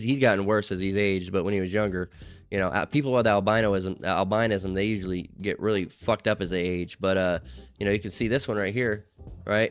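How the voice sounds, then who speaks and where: Low-pitched male commentator, rambling and profane, reads comments over faint guitar. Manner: rambling, full of fillers and profanity. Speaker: online commentator. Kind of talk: casual commentary reading out comments.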